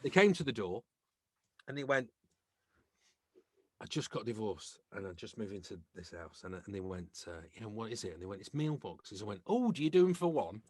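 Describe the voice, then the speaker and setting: A man's voice: lowish voice, moderate pace, slightly rough, no echo. A middle-aged man from England, a comedian and actor, chatting as a podcast guest and acting out the people in his stories. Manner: lively storyteller who acts out quoted voices. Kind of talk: casual anecdotal chat.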